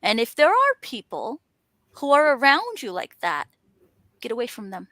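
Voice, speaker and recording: A woman's voice: on the high side, huge pitch swings, normal speed, sharp tone, no room sound. A woman talking in an earnest, encouraging way, stacking up emphatic lists. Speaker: author and panel host. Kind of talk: motivational casual chat.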